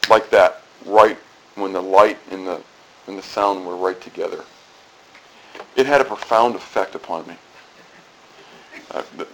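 A man's voice: fairly low pitch, fairly bright tone, low-quality recording. A middle-aged man preaching a sermon in a conversational way, asking the congregation questions and often repeating and restarting phrases. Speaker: pastor.

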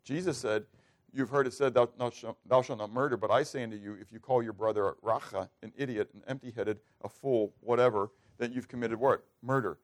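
This sermon comes from a male pastor with a mid-range voice who speaks a little fast. He engages the congregation with questions and acts out the prayers he quotes.

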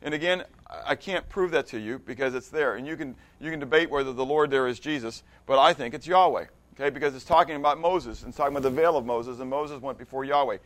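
This Bible study teacher speaks fast with few pauses, his medium-pitched voice a bit bright. Leading an interactive class, he reads scripture with emphasis, restarts or repeats words often, and keeps checking in conversationally on whether his listeners are following.

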